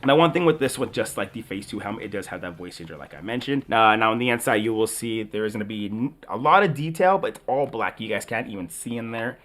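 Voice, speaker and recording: Fast-talking man reviewing a toy. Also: lowish voice, animated, fairly bright tone. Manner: enthusiastic, chatty, addresses viewers directly. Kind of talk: product review vlog.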